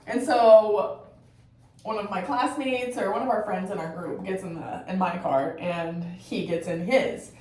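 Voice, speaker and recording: A woman's voice: medium pitch, steady tone, measured pace, darkish tone. A woman from Colorado telling a story in a chatty, profane way while doing her makeup at home, often ending sentences with "right?". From Colorado, USA. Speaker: vlogger. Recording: very echoey room, voice from far off.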